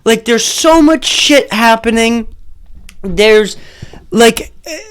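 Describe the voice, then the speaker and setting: A podcast host in a casual solo episode, ranting and swearing heavily, swinging between muttered asides and loud outbursts. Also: mid-range voice. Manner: profane, heated ranting.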